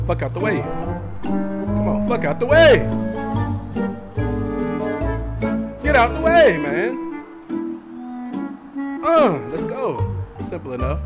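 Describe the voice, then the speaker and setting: A young man with a fairly high voice gives rowdy play-by-play of his own gaming, trash-talking and swearing constantly. His pitch jumps all over the place as he gets excited. Loud game music runs beneath his voice. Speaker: gaming channel host. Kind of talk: casual profane gameplay commentary.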